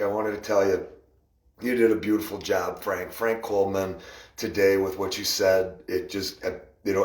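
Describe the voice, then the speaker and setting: A man's voice: on the low side, recorded from a distance. A man hosting a casual livestream, rambling, laughing often and greeting viewers by name. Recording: echoey room, voice a bit off-mic.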